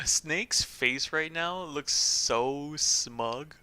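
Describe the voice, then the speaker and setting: A man's voice: on the high side, extremely slow, bright, forceful tone. A man streaming a game, chatting casually, joking and laughing often. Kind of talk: casual let's-play commentary.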